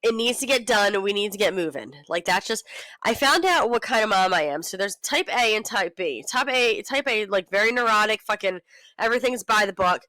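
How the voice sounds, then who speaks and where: A woman's voice: mid-range voice, brisk, no room sound, low-quality recording. A woman in her thirties co-hosting a casual podcast, ranting and telling stories with lots of swearing. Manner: profane, ranting, animated storytelling. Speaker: podcast co-host. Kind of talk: casual chat.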